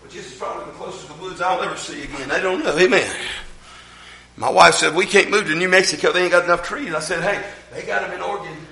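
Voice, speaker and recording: Fiery Appalachian male preacher, high and bright voice, booming sermon in an echoey church heard from off-mic. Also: fast, gravelly. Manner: fervent, loud, shouting with frequent amens. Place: large church hall. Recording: echoey hall, mic from a distance.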